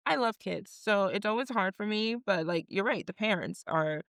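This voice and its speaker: A woman flight attendant chats casually, with a gravelly edge and a lively rise and fall in her pitch. She hedges her points with lots of filler words. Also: moderate pace, no echo, studio quality. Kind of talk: casual panel chat.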